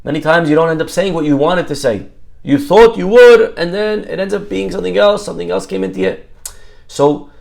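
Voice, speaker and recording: A man's voice: a little high, vocal fry, darkish tone. Rabbi quizzing his Torah class. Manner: quizzes listeners and repeats key words, sprinkled with Hebrew terms. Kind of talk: lively Torah lesson to a live group.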